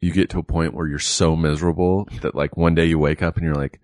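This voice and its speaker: Middle-aged male co-host, low voice, dry close sound, profane animated storyteller. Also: fast, no echo. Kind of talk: casual chat.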